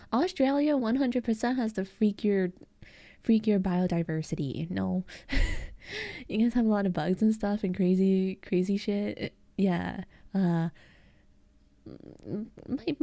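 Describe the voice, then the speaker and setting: A woman's voice: mid-range voice, unhurried, warm tone, no room sound. An American woman with an Eastern American accent, chatting casually with her live chat as a streamer and giggling often. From United States.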